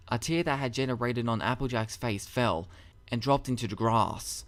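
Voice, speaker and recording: A man narrating his own story in a dramatic audiobook reading, with measured, expressive storytelling. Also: medium pitch. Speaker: narrator and author.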